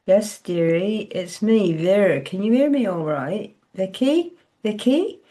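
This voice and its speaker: A motherly old countrywoman with a broad rural dialect, put on by a woman reading her novel aloud. She coaxes slowly and gently, her voice lifted a little above the reader's own low tone. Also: lively intonation. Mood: coaxing. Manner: slow, soothing, coaxing.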